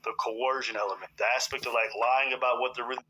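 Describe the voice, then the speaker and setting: A man's voice: medium pitch, steady tone, fast talker, sharp tone, low-quality recording. A man hosting a reaction podcast, giving blunt, emphatic commentary and swearing freely. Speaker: podcast host.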